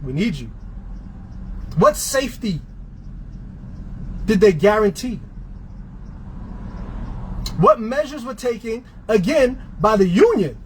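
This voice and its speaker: Fiery high-voiced man ranting. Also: very animated, slow, long pauses, slight background noise, poor audio. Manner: fiery, sarcastic, repetitive rhetorical questions. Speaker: transit union member. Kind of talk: impassioned rant.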